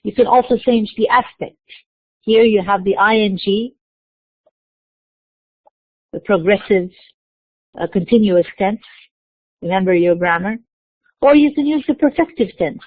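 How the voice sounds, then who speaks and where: A woman's voice: medium pitch, measured pace, long pauses, no room sound. A woman giving a university lecture, explaining step by step, asking and answering her own questions and often restarting words. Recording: dry, tinny phone-like lecture recording.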